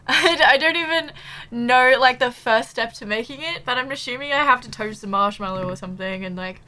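A bubbly woman streamer chats casually with her viewers in a live stream, giggling a lot and filling pauses with ums. Her slightly high, bright voice comes a little fast and sounds slightly breathless.

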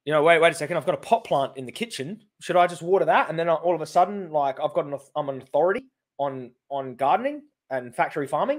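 An Australian man in his thirties talking through a clip of his own debate, voice climbing high in amused disbelief. He speaks quickly and sarcastically, with a fairly high, lively pitch. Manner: animated, sarcastic, laughing in disbelief. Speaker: animal rights activist reacting to his TV debate. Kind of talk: reaction commentary.

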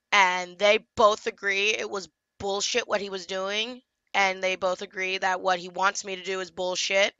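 Bright-voiced young woman ranting. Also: medium pitch, smooth, no echo, muffled recording. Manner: exasperated, swearing, venting. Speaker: comic book colorist and vlogger. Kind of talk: casual vlog rant.

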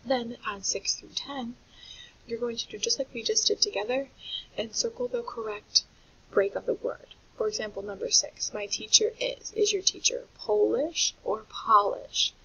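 A woman teaching a recorded phonics lesson to young children, explaining patiently and clearly. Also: a little high, normal speed, fairly bright tone, whispered. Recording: dull lo-fi audio with faint hiss.

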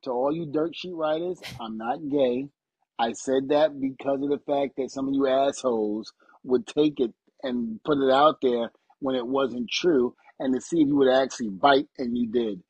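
A man's voice: medium pitch, normal speed, breathy edge, no echo, muffled recording. A middle-aged man, a retired wrestler, chatting as a podcast guest and acting out quotes as he tells stories. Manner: animated storytelling, acts out quotes. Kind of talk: casual interview chat.

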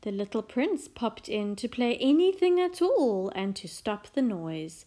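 A storyteller with a somewhat high voice reads a children's picture book aloud very slowly and expressively. Every so often she drops into a soft whisper.

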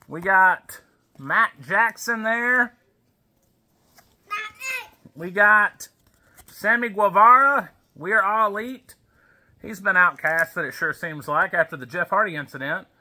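A man's voice: sits high, slow, pauses often, bright, forceful tone. A man casually opening wrestling card packs at home, reading names aloud and chatting to his baby as he goes. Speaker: wrestling card collector vlogger. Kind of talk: casual pack-opening chat.

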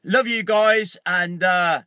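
A middle-aged man talking straight to his viewers, telling stories with animated energy and swearing freely. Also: high-pitched, slow pace, clean tone, dry recording, studio quality. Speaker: motivational speaker. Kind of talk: casual self-recorded video talk.

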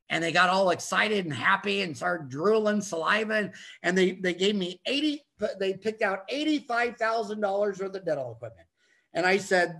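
A middle-aged American man with a high-pitched voice gives an animated conference talk. He tells stories emphatically, swinging between loud punches and quieter asides. He talks as a seasoned dentist sharing business advice. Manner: emphatic, storytelling, quick shifts in loudness. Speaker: dentist and podcast host.

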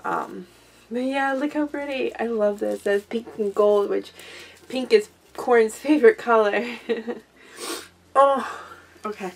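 A young adult woman excitedly chatting through a craft mail unboxing, gasping and gushing over each item. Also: a little high, slow pace, pauses often, slight background noise. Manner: gushing, excitable, gasps often. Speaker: craft vlogger. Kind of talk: casual unboxing chat.

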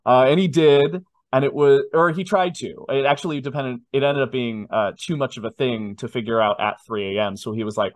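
A man's voice: medium pitch, a little fast, hardly any pauses, no room sound. Man in his twenties telling a story. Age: 20s. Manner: animated, self-deprecating storytelling. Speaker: guest. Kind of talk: casual storytelling interview.

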